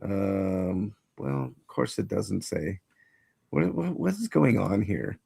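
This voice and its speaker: A man's voice: deep voice, very animated, slow pace, creaky, a little mellow, husky, no room sound, clean studio sound. A man hosting a casual livestream, rambling and greeting chat viewers by name. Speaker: livestream host.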